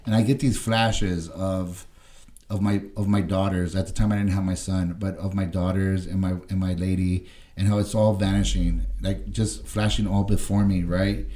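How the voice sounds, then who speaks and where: A man's voice: low voice, flat delivery, moderate pace, warm tone. A man telling an emotional personal story as a podcast guest, rambling and blunt, often tagging "right?" onto his sentences. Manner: swearing, blunt.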